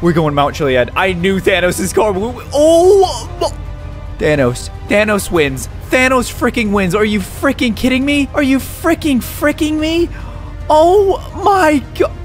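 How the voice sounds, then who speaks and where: Hyper young man yelling over gameplay. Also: high-pitched, expressive, moderate pace, few pauses. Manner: hyper, yelling, laughing, mild swearing. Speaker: gaming YouTuber. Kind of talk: excited gameplay commentary. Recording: music playing under voice.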